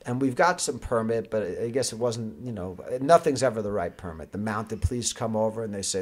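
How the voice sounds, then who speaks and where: A man guest on an interview show, a sports agent, telling a story with lively energy and frequent laughs. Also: fairly low pitch, a little fast, few pauses. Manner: lively, laughing, acts out other voices. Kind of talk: animated anecdote storytelling.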